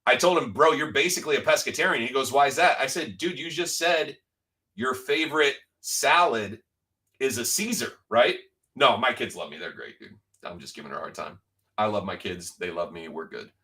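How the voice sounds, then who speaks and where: Joking middle-aged man, bright voice. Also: mid-range voice, normal speed, recorded from a distance, low-quality recording. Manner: loose, joking, swears freely. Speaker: livestream card-break host. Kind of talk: casual storytelling chat.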